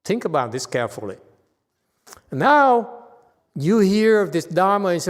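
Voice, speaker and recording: A man with a Chinese accent giving a Buddhist Dharma talk, explaining ideas slowly and often checking with his listeners. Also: high voice, sing-song, long reverb tail. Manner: slow, conversational teaching with frequent "okay?" checks. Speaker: Buddhist meditation teacher. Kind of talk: Dharma talk with audience questions.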